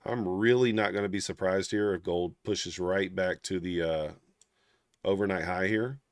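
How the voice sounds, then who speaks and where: A man's voice: low-pitched, fairly even intonation, normal speed, no room sound, studio quality. A man hosting a live trading stream, thinking aloud in casual, half-murmured commentary. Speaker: trading livestream host.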